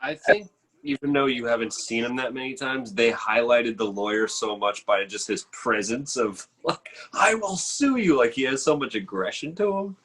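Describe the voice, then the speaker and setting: Male podcast guest, mid pitch, blunt and profane, eager opinions. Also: lively intonation, normal speed, fairly bright tone. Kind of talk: casual podcast chat about wrestling.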